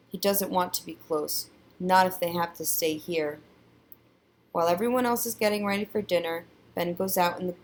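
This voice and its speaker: A woman teacher reading a children's novel aloud in a steady, clear storytelling manner. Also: fairly low pitch.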